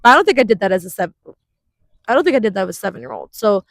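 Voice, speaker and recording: A woman in her twenties co-hosting a podcast in casual chat, talking fast with many fillers and frequent laughs. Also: mid-range voice, lively intonation, creaky, no room sound. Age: 20s. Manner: chatty, laughs often, uses many fillers. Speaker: podcast co-host.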